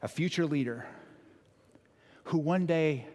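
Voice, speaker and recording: A man's voice: fairly high pitch, takes it slowly, a little mellow, slight background noise. A male pastor preaching a sermon in an earnest, conversational way, asking the congregation questions. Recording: long church hall reverb.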